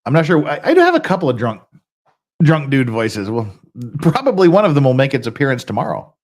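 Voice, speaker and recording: A livestream host with a medium-pitched, wildly swooping voice chats briskly to his chat, rambling and self-deprecating, with mild swearing, frequent restarts and laughs.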